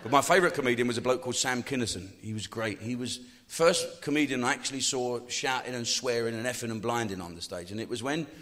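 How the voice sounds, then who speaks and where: An older English man, a comedian, telling profane stories in a cynical, animated way. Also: mid-range voice, quick pace, few pauses. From England. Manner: swears constantly, animated and cynical. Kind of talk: profane anecdotal storytelling.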